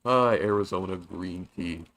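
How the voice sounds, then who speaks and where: A young man casually chatting while playing a story game, reading its lines aloud and joking loudly between them. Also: sits low, measured pace. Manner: chatty, jokey, reads game lines with loud outbursts. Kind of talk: casual let's-play commentary reading dialogue aloud.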